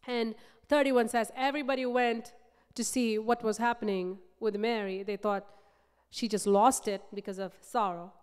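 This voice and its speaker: A passionate woman preacher delivering a sermon, her fairly high voice rising into loud, repeated build-ups and dropping to hushed asides. She is recorded in a church sanctuary, with a long reverb trailing each phrase. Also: steady tone, moderate pace, smooth. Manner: passionate, swings from loud emphatic build-ups to soft low passages.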